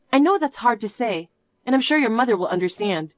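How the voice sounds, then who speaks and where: A woman's voice: fairly high pitch, expressive, fairly quick, no echo. A woman telling a story in the first person and voicing its lines as the main character, in an earnest, easily surprised manner. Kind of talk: storytelling with acted dialogue.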